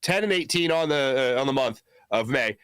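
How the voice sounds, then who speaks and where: A man's voice: medium pitch, lively intonation, normal speed, a bit bright, smooth, no echo, studio quality. A man hosting a casual solo sports talk show, rambling along with lots of filler "uh"s and joking asides.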